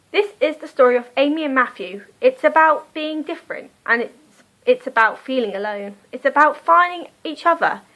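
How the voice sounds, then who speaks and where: A young woman from Britain, with a British accent, chats through a book review vlog recorded on a phone camera, rambling and cutting herself off. Her voice is high and sharp in tone, moving at a moderate pace, and the recording is rough.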